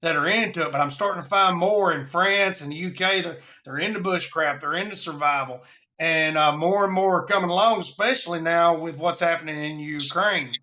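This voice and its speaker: Bright, high Alabama drawl. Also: male voice, a little fast. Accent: Southern US, Alabama. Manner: folksy, rambling, chatty. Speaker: host of a live preparedness stream. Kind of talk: casual live-stream chat.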